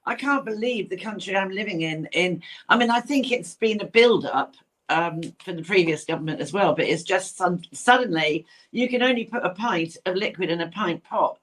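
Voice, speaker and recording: A woman's voice: on the low side, lively intonation, moderate pace. An older woman interviewing a guest, speaking in a sympathetic, agreeing manner. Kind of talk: conversational interview.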